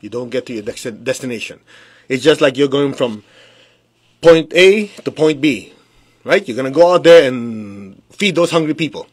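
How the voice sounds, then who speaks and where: Guy with a husky breathy voice doing a spiritual pep talk over a phone stream, chatty, keeps asking the viewers questions. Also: mid-range voice, moderate pace. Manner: conversational, with rhetorical questions and direct address; calm guided affirmations. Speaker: spiritual teacher leading a meditation. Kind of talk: motivational talk on a livestream. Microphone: phone livestream.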